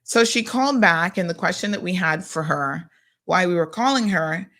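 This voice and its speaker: A woman hosting a casual local news chat, chatty and animated, full of asides and fillers. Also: lowish voice, moderate pace. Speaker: host.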